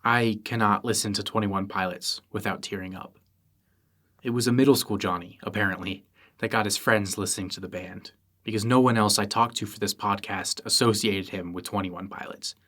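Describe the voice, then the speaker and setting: A man narrating his podcast in a scripted, quiet and earnest way. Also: on the low side, steady tone, moderate pace. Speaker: podcast host.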